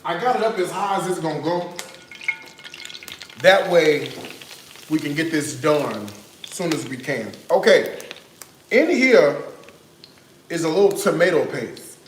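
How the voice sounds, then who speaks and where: Animated man cooking live in a roomy kitchen. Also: fairly high pitch, a little slow, pauses often. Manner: animated, incredulous, talks to viewers as y'all. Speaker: cooking livestream host. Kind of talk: casual live cooking chat. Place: home kitchen. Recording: roomy kitchen echo, faint background noise.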